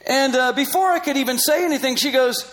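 High-voiced man telling a lively story. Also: quick pace, poor audio. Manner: animated, laughing often, acting out quoted dialogue. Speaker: Christian missionary. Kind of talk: personal storytelling in conversation.

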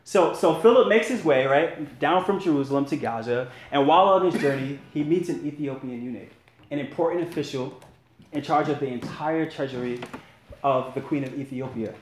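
A man's voice: medium pitch, normal speed, a little hiss or hum. Earnest man preaching in an echoey room. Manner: earnest, conversational, asks for responses. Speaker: men's Bible study leader. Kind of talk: sermon.

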